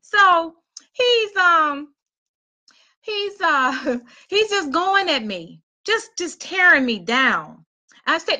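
A middle-aged woman with a high, bright voice tells her own story. She speaks to her listeners in an animated, preaching way. She moves into other voices as the story calls for them. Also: extremely slow. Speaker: motivational speaker. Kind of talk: storytelling talk.

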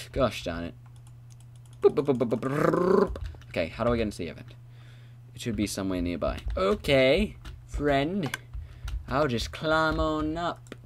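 A rambling man commentating his own game playthrough, making goofy noises and chatting to himself. His fairly low voice bounces all over in pitch. Recorded on a headset mic with a faint hum behind. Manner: rambling, silly, talks to himself. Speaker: gamer playing an adventure map. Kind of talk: casual let's-play commentary.

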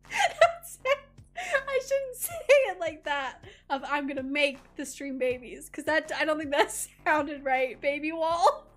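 A woman streaming a game, chatting in a bubbly, giggly way and reading the game text aloud. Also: sits high. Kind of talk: casual let's-play chat with chat.

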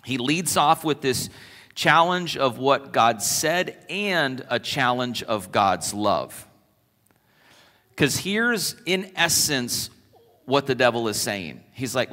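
A man preaching a sermon as pastor, animated and conversational, telling stories to his congregation in a church sanctuary. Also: medium pitch, slow. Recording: long church reverb.

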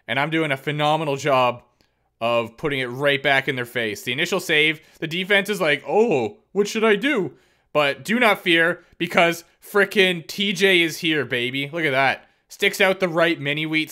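Bright-voiced excitable male gamer. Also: fairly high pitch, normal speed. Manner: excitable, joking play-by-play with sudden outbursts; talks to himself and the game, teasing opponents. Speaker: gaming YouTuber. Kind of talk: let's-play commentary.

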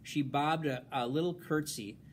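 A man reading a novel aloud in a halting way, stumbling over words and filling pauses with um and uh. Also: a little high, slight background noise. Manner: halting, with fillers and restarts. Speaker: reader.

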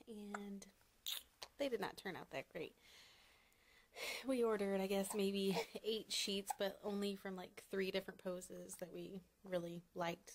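A young woman talking casually to the camera in a home vlog, soft-spoken and chatty. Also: medium pitch, slight background noise. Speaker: vlogger and mother.

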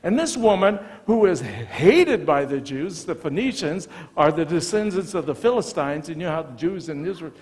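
An American man, a visiting pastor, preaching a sermon with animated storytelling, acting out the dialogue of the people in his stories. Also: a little high, normal speed, few pauses. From United States. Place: church sanctuary. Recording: long church reverb.

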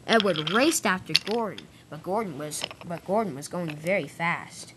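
A woman's voice: on the low side, normal speed, few pauses, a bit bright, a little hiss or hum, rough recording. A woman narrating a homemade toy train story plainly, often restarting her lines. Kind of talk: unscripted storytelling.

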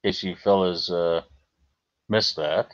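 A man's voice: deep voice, steady tone, a little slow. A Canadian man chatting on a livestream, rambling, swearing freely and answering his chat. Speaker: livestream host. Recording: slightly dull lo-fi stream audio.

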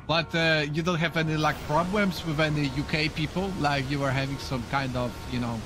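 A man's voice: a little high, fairly even intonation, fairly quick. A man role-playing a police officer in a game, hesitant and full of fillers as he asks questions. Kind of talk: in-character game role-play.

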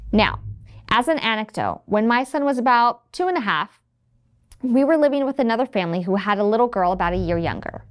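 A woman in her thirties giving scripted, friendly instructional narration for a teacher training video. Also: mid-range voice. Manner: friendly, acts out quoted phrases. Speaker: trainer for educators.

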